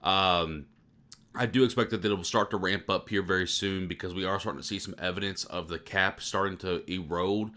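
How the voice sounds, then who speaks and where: A man forecasting the weather in live storm coverage, tired from very little sleep and talking in a fairly monotone way. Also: deep voice, moderate pace. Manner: self-described monotone delivery.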